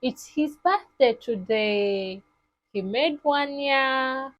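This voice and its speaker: A woman teaching toddlers, speaking in a slow, sing-song, exaggerated way. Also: high-pitched, dull audio, background noise. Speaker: children's teacher. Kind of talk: toddler lesson.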